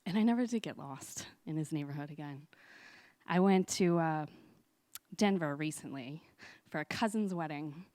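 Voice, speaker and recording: A woman's voice: deep voice, moderate pace, darkish tone, dry recording, studio quality. A woman telling a personal story live on stage, chatty and laughing often, with lots of fillers.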